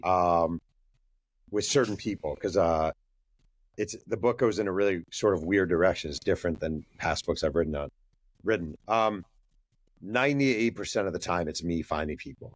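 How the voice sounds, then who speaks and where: A male author, a guest on a podcast, telling stories in a casual, lively way and acting out the dialogue. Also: sits low, moderate pace. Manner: lively storyteller who acts out dialogue and uses many fillers. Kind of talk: casual interview storytelling.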